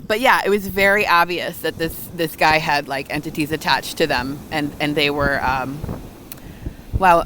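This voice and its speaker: A woman's voice: low voice, a bit bright, a little hiss or hum, low-quality recording. Chatty woman vlogging by the water. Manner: chatty, loose, with filler words and restarts. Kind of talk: casual storytelling monologue. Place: outdoors by the water.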